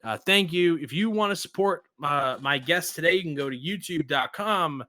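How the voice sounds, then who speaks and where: A man with a fairly high voice hosts a casual podcast at a normal speed, his tone bright and forward. He retells jokes with animated energy, acting out the quoted lines. The sound is close and dry, with no room around it.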